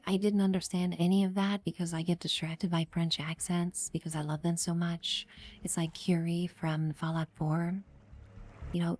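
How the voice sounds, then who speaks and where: A woman's voice: fairly low pitch, a little mellow. Upbeat streamer woman, Chicago accent. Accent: Midwestern American, Chicago. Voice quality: chatty, upbeat, greets viewers by name. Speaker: live streamer. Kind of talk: casual live-stream gaming chat.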